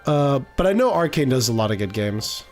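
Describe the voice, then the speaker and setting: A man's voice: mid-range voice, sing-song, darkish tone, soft background music. A man streaming a game, chatting casually and rambling off mid-sentence as he reads his chat. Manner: rambling, distracted, quick to trail off.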